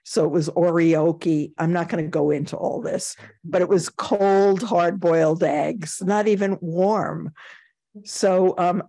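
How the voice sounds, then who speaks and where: Slow-talking older New York woman. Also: lowish voice, fairly even intonation, mellow. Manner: storytelling, chuckling, acts out quoted voices. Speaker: Zen teacher. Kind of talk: dharma talk with personal anecdotes.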